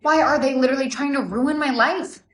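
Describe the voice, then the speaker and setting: A woman's voice: sits high, brisk, roomy sound, lightly acted. A synthetic text-to-speech woman's voice playing a broke, sarcastic teenage girl in a storytime. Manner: blunt, sarcastic. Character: broke teenage girl Bailey, sassy and blunt.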